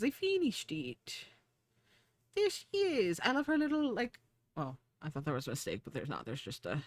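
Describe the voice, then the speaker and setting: A woman streamer chatting casually, rambling and giggling, with casual swearing and playful baby talk, her pitch leaping high when she gets excited. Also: no room sound. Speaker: streamer and 3D artist.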